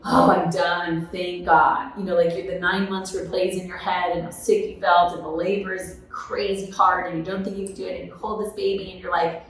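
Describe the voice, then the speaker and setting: A woman author in her thirties telling lively stories in a podcast conversation, often asking "right?". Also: fairly low pitch, brisk, few pauses, slight background noise. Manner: animated, tag questions like "right?". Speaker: author and guest. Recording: echoey room, mic at a distance.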